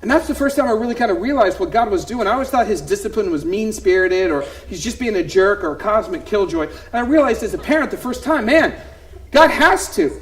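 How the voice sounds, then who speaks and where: A man in his thirties, a preacher telling a humorous family story in a sermon, animated, swinging from hushed asides to loud punchlines. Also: sits high, brisk, poor audio.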